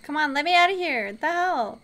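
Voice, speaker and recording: A woman's voice: high voice, expressive, brisk, a bit bright. A young woman streaming a horror game, reacting expressively with swearing and laughter. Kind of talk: gaming commentary.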